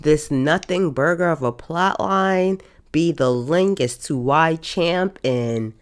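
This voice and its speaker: A woman's voice: low voice, takes it slowly. A woman hosting a casual podcast, giving an exasperated, emphatic rant with lots of repetition. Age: adult. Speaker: podcast host.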